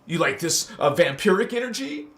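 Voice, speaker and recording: High-voiced, very animated, and a bit bright, a spiritual channel host preaches at normal speed in a spiritual livestream sermon. The talk is impassioned and casual, with listeners called honey and bursts of chanted syllables.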